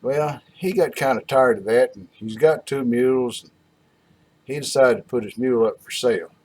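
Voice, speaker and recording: A man's voice: mid-range voice, moderate pace, a little mellow, breathy edge. A man telling a long joke in a folksy, rambling way. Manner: drawling, rambling storyteller.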